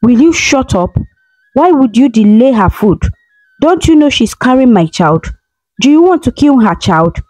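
A woman's voice: fairly high pitch, sing-song, unhurried, a little mellow, dry recording, faint music behind, voice pushed up, poor audio. Woman voicing a harsh, angry husband. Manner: harsh, scolding.

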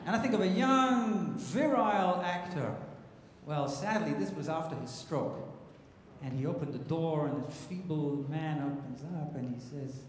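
A man's voice: high voice, animated, unhurried. A man, a cantor and composer, telling stories and teaching the audience in a chatty, humorous way. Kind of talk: storytelling lecture to a synagogue audience. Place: large synagogue sanctuary. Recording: echoey sanctuary with long reverb, faint noise.

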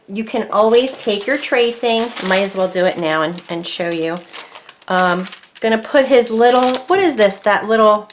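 Chatty woman teaching craft painting. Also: mid-range voice. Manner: chatty, rambling, muttering softly while concentrating. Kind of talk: casual painting tutorial. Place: home craft desk.

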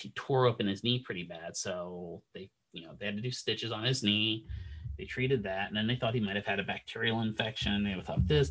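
A man teaching physical therapy, telling a long clinical story in a casual lecture style and acting out the dialogue as he goes. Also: fairly low pitch. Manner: animated anecdote-telling, acts out quoted dialogue.

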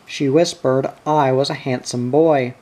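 A man voicing an older, whimsical poet miner who speaks mildly and wryly, read slowly. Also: mid-range voice, fairly even intonation, dark tone, lightly acted. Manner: mild, wry, sentimental. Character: old whimsical poet miner, mild and teasing.

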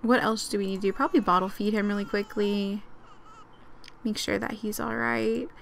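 A young woman giving chatty, excitable let's-play commentary with frequent giggles. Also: mid-range voice, moderate pace, creaky, slight background noise. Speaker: gaming channel host.

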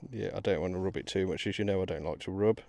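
A man with a Midlands accent, out of breath, chatting excitedly to the camera outdoors while metal detecting in a field. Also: low-pitched, fast talker, gravelly, no echo. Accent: English Midlands. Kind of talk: casual outdoor commentary.

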